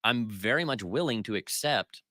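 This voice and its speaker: A man's voice: medium pitch, lively intonation, moderate pace, sharp tone, no echo. A man co-hosting a casual pop culture podcast, giving opinionated critiques at length with plenty of fillers. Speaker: podcast co-host.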